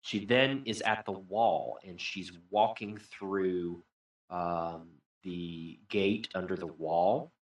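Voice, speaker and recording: Low-pitched male co-host; thoughtful, analytical chat. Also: slow pace, dry recording. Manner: reflective, builds long comparisons. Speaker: podcast co-host. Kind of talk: casual discussion.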